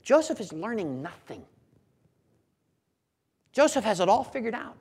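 Animated preacher with a lively pitch. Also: unhurried, slightly rough. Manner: swings between loud emphatic bursts and hushed, low asides; repeats words and restarts phrases mid-thought. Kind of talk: expository sermon.

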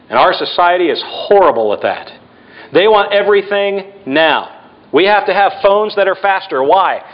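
A middle-aged male pastor preaching a sermon, slowing down and dropping his voice for emphasis. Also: on the high side. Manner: preaching with emphatic slowdowns and dramatic drops in volume. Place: church. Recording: dull lo-fi church recording.

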